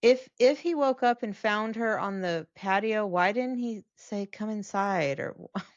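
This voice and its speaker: A woman co-hosting a podcast in casual chat, relaxed and agreeable. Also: mid-range voice, a little slow. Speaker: podcast co-host. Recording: dry, dull lo-fi sound.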